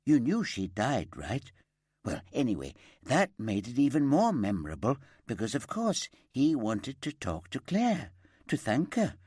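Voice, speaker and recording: A man's voice: medium pitch, huge pitch swings, a little slow, a little mellow, breathy edge, dry recording, studio quality, pitched above the performer's own voice, heavily acted. A man putting on a chatty gossiping shop lady. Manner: gossipy, rambling, eager to help. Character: chatty middle-aged woman shop worker. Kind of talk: audiobook character voice.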